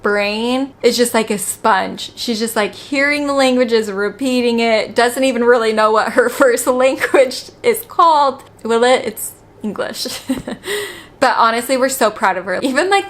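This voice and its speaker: A woman's voice: a little high, a bit bright. A woman, a mother and vlogger, chatting casually to camera with lots of "like" fillers and easy laughter. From United States.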